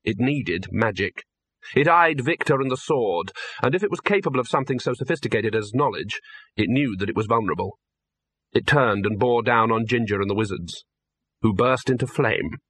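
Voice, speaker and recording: A man reading an audiobook in a measured, dry storytelling manner. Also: mid-range voice, animated, fairly bright tone, husky. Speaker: narrator. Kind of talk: audiobook narration.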